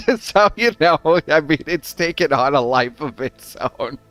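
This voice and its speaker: A man hosting a casual group podcast chat, animated, sometimes breaking into a loud mock voice. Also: a little high, measured pace, no echo, soft background music. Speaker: podcast host.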